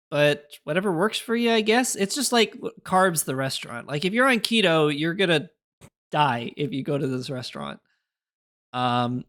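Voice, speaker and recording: A man's voice: high-pitched, a bit bright. A young man chatting casually on a live stream, rambling through opinions and answering his chat with little laughs.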